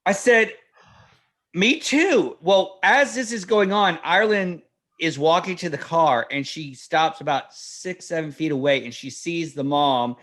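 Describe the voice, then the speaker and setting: Animated dad telling a story. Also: male voice, fairly high pitch, normal speed. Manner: animated storyteller acting out dialogue. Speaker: podcast host. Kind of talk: casual storytelling chat.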